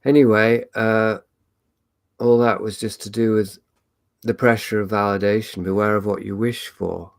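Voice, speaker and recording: A man's voice: on the low side, level tone, moderate pace, creaky, no echo. A man hosting a live online meet, talking in a rambling, reflective way with many fillers and restarts. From England. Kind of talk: casual solo talk.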